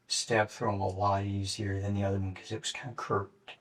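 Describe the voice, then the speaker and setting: A young man in his late teens gives a police interrogation statement in a low, flat, matter-of-fact voice, halting with fillers. He is picked up by a distant mic in an interrogation room, so he sounds far away. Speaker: murder suspect being interrogated.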